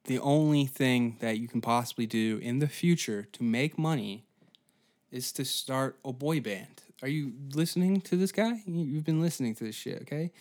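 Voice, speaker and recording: A man's voice: mid-range voice, moderate pace, a little mellow. A man hosting a comedy history podcast, telling the story in a crude, rambling way with sarcastic asides. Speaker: podcast host.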